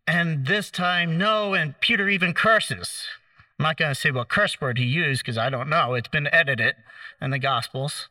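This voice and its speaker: Male preacher, kinda high voice, dry sound, sits a bit far from the mic, acts out the lines while telling the story. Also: normal speed, no room sound. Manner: storytelling, acts out quotes, gentle humor. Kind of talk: sermon.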